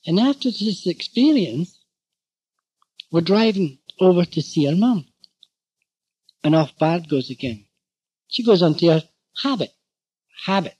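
A man giving a storytelling lecture to therapists, animated and anecdotal, acting out bits of dialogue. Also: high voice, no echo. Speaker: speaker addressing therapists. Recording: dull lo-fi recording.

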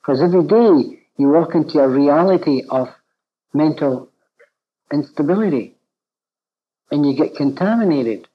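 A man giving a storytelling lecture to therapists, animated and anecdotal, acting out bits of dialogue. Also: fairly high pitch, unhurried, pauses often, husky. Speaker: speaker addressing therapists. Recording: dull lo-fi recording.

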